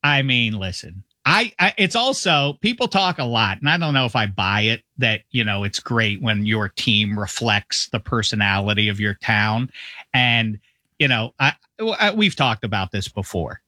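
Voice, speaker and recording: A man's voice: fairly low pitch, lively intonation, moderate pace, bright, forceful tone, no echo. A middle-aged man from the Midwest, a football analyst chatting casually on sports radio over a video call, rambling with self-mocking asides.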